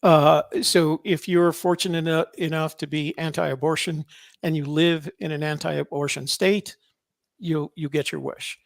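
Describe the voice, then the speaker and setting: A man's voice: a little high, steady tone, measured pace, creaky, dry recording, studio quality. A man co-hosting a podcast, talking casually and rambling, often correcting himself. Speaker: podcast co-host. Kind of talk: casual political chat.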